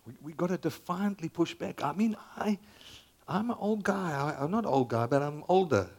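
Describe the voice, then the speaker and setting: A man in his sixties preaching a sermon as pastor, conversational and animated, dropping to near whispers and rising again. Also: a little high, normal speed. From Zambia.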